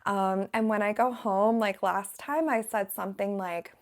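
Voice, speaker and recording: Casting note: American woman, English teacher, relaxed chatty delivery with laughs, mid pitch, lots of vocal fry. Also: moderate pace. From Southern United States. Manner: relaxed, rambling, laughs often. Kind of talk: casual chatty talk to camera.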